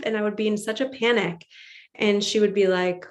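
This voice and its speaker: A woman's voice: medium pitch, steady tone, moderate pace. A middle-aged woman, a spiritual coach, talking straight to her viewers in an earnest, emphatic way and acting out her own inner voice. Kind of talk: motivational monologue to viewers.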